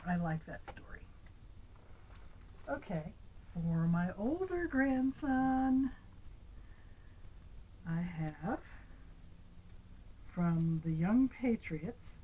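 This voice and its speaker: Slow, mellow grandmother reading aloud. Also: on the low side, slight background noise, poor audio. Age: older. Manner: gentle, asks the child questions, sometimes whispers. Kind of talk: reading a picture book aloud to a child.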